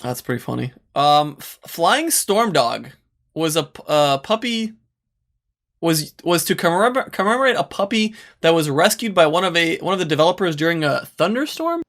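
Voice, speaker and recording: A man with a somewhat high voice hosts a casual podcast. He asks his guest eager, curious questions in a gravelly tone with a lot of vocal fry. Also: very animated, moderate pace, a bit bright. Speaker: podcast host.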